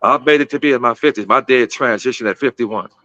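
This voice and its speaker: A guest speaker in his fifties from Gary, Indiana, USA, tells a personal story casually and repetitively, often addressing his listeners as "guys." His medium-pitched voice is fast, bright, and forceful, recorded with no room sound and the highs cut off.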